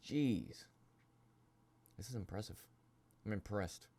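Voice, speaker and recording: A man's voice: fairly low pitch, slow, gravelly, mellow. A man co-hosting a podcast in laid-back casual chat, swearing casually. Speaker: podcast co-host.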